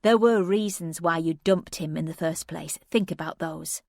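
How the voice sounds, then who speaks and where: A woman's voice: low-pitched, normal speed, gravelly, darkish tone, dry recording, clean studio sound. A woman voicing the narrator's own character, a bitter, defiant wife speaking stonily. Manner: cold, stony and challenging.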